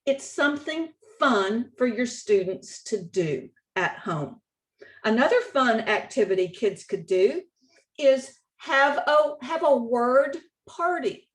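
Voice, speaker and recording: Woman, Texan accent, slightly high pitch, slow pace, instructive conference presentation. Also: lively intonation. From Texas. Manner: measured, instructive, reads example quotes aloud. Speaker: state contest director.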